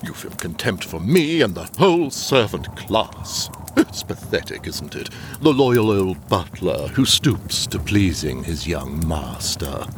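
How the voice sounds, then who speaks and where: A touchy old butler. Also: male voice, sits low, very animated, slow, few pauses, slight background noise, full character voice. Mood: defensive. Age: older. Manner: prim, indignant, flustered. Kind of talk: radio drama acting.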